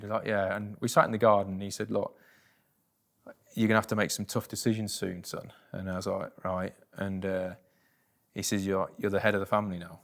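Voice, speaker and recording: British male guest, low voice, plain-spoken, halting with fillers. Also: flat delivery, creaky, a bit bright. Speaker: interview guest. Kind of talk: candid personal storytelling.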